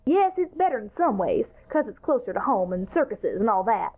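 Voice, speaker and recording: A woman voicing an eager, bossy boy ringleader in a radio-style drama, talking in an excited, boastful way. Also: fairly high pitch, a little fast. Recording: tinny phone-like sound.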